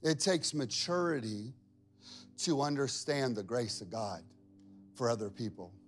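A man's voice: mid-range voice, measured pace, soft background music. A pastor preaching a sermon in a conversational way, acting out other people's voices as he tells stories. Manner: conversational, acts out quoted voices. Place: church.

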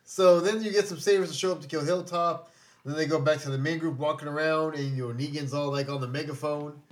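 A man's voice: on the high side, steady tone, brisk. Joking, profane man recapping a show. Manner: profane, joking, acts out characters' lines. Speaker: podcast co-host. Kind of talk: casual chat recapping a TV episode.

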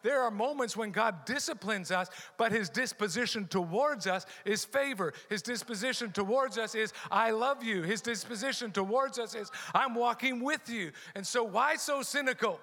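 A man's voice: high-pitched, lively intonation, moderate pace, few pauses, sharp tone. A middle-aged man preaching a sermon as pastor, emphatic and repeating his key phrases. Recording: long hall reverb.

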